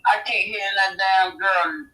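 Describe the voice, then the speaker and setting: Tired, bright-voiced woman. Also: mid-range voice, steady tone, a little slow, roomy sound, far from the mic, rough recording. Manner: tired, worn-out talk with swearing. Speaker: guest on the stream. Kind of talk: casual chat.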